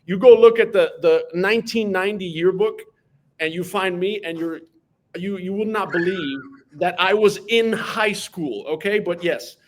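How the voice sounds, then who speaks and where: A man, a math teacher telling school anecdotes as an interview guest in an animated, lively way. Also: high-pitched, moderate pace. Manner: animated, lively storyteller who acts out voices.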